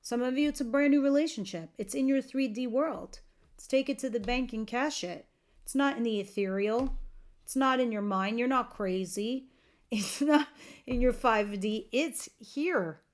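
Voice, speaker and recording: Chatty tarot-reading woman, bit high. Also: moderate pace. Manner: chatty, earnest, addresses viewers directly. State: tired, yawning. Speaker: tarot reader.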